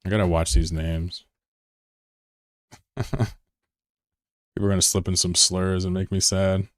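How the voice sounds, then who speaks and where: Man, deep voice, excitable live-stream gamer, profane, chats with viewers, dry sound. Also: unhurried, no room sound. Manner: excitable, swears freely, laughs often; answers chat between gameplay calls. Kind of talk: casual live-stream gaming chat.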